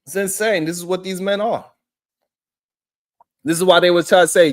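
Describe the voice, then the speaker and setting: Animated high-voiced man hosting a live show. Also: normal speed. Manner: animated, preachy, swears often, talks to viewers. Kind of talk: live-stream commentary. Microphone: streaming setup.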